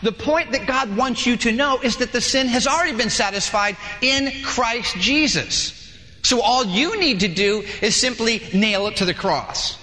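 A male pastor preaching a sermon in a lively way, acting out dialogues in different voices, in a large church hall. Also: very high voice, moderate pace, hardly any pauses. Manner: animated, acts out dialogues with shifting voices. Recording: long hall reverb.

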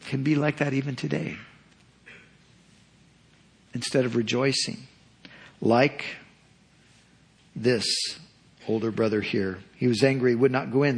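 Husky guy giving a sermon, takes it slow, earnest and emphatic. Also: medium pitch. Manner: earnest, measured preaching with emphatic repetition. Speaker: pastor.

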